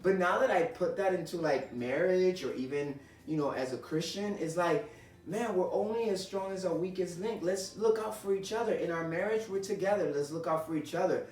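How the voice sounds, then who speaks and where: A man's voice: high voice, normal speed. A man co-hosting a faith-based marriage chat, talking in an earnest, encouraging way and quoting scripture. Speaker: co-host of a marriage ministry show. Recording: roomy sound, mic at a distance, soft music.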